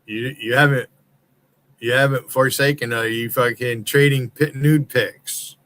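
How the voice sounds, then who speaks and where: A man's voice: mid-range voice, fairly even intonation, unhurried, a bit bright. A man from the United States hosting a livestream, ranting in a heated, profane, accusatory way. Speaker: livestream host. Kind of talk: angry profane rant.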